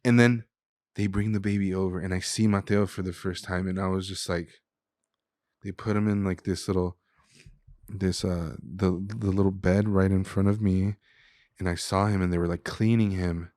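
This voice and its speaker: Young male guest, relaxed and heartfelt, slangy storyteller; lower voice, dry studio sound. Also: normal speed, no room sound. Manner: casual, says "dude" and "like" often. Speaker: guest, chef and restaurant owner. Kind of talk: emotional personal storytelling.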